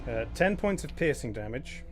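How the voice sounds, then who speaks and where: A man's voice: medium pitch, sing-song, moderate pace, over music. A man running a tabletop game as game master, describing events and calling out damage.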